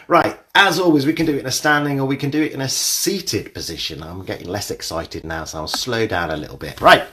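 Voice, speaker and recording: A man runs a live exercise class from a room at home. He greets each viewer by name with light jokes, then settles into steady, clear cues for posture and movement. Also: lowish voice, echoey room, distant mic, a little hiss or hum. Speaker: fitness instructor.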